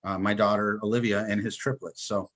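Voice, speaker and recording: A man, a guest in an interview, telling his story with lively quoted dialogue. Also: fairly low pitch, brisk. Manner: animated storyteller, acts out quotes. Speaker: guest, online seller.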